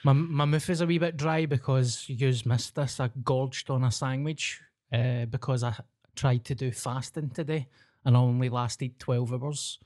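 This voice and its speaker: A man's voice: medium pitch, steady tone, unhurried, darkish tone. A man with a Scottish accent co-hosting a podcast, chatting casually, blunt and jokey, swearing freely. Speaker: podcast co-host. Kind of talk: casual chat.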